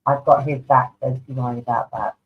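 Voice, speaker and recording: A woman's voice: extremely low pitch, steady tone, a little fast. A woman giving live online tarot card readings, affectionate and chatty, calling people darling. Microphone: online video stream. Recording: tinny phone-like online audio.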